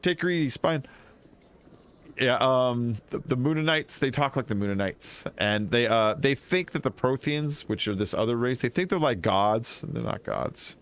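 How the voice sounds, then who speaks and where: It's casual let's-play commentary: a man rambles chattily as he plays a game, laughing and using lots of fillers. He sounds expressive, smooth and a bit bright, with a medium pitch, normal speed and few pauses.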